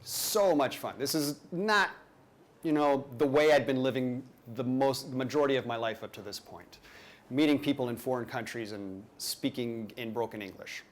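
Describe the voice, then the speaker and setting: A man's voice: medium pitch, normal speed. Man telling a playful story live. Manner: conversational, self-deprecating, playful asides.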